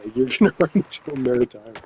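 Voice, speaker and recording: A man from New Brunswick tells a story in loose, swearing-heavy chat, laughing often as he rambles. His voice sits at an ordinary middle pitch. A faint hum of background noise runs under it. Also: expressive, quick pace, dark tone, low-quality recording. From New Brunswick, Canada. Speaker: gaming vlogger telling a story. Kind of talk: casual storytelling.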